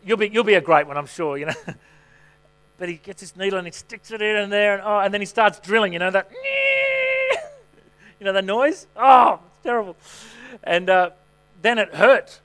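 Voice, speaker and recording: Male pastor, middle-aged, higher voice; easy, storytelling sermon delivery. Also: a little fast, bright, forceful tone. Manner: conversational, self-mocking storytelling.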